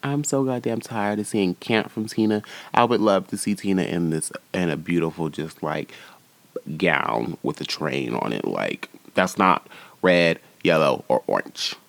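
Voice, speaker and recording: A man hosting a podcast, giving a sassy, profane and animated recap of a show. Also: sits low, measured pace, creaky, dry recording. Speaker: podcast host.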